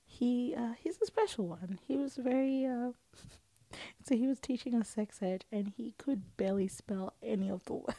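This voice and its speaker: A woman in a casual chat, often talking softly, near a whisper. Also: a little high, lively intonation, normal speed, no echo, low-quality recording. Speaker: podcast co-host.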